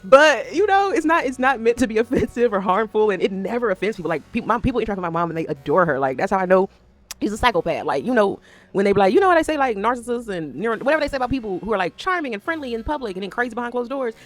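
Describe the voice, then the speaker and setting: Lively fast-talking woman ranting. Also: a little high. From Northeast United States. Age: 30s. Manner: animated, profane, swings between loud outbursts and quiet asides. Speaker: vlogger. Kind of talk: casual unscripted rant.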